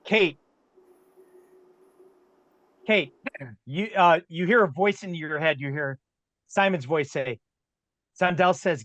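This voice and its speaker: A man's voice: fairly high pitch, a bit bright, dry recording, highs cut off. Man game master with a dry close sound. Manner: halting, repeats words while narrating. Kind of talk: narrating a tabletop game.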